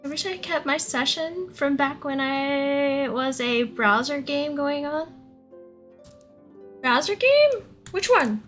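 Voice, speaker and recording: Young female streamer, casual and giggly; high, bright voice over quiet music. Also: animated, slow pace. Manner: giggly, chatty, thanks viewers. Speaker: livestreamer. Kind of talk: casual live-stream chat.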